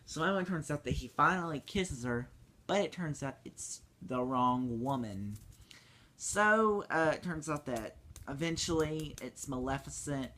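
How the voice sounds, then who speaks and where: A man giving a casual movie review, rambling with many fillers and restarts, and now and then breaking into squeaky high voices to mimic the characters. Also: expressive, measured pace, sharp tone.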